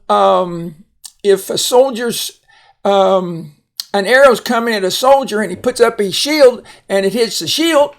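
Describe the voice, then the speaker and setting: A male teacher giving a recorded phonics lesson, slow and patient, with many fillers and restarts. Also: sits high.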